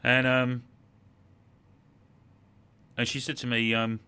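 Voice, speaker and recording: A man's voice: medium pitch, completely flat delivery, takes it slowly, sharp tone, clear, resonant tone. A middle-aged man, a podcast guest, telling an emotional story in conversation, reflective and repeating words when moved.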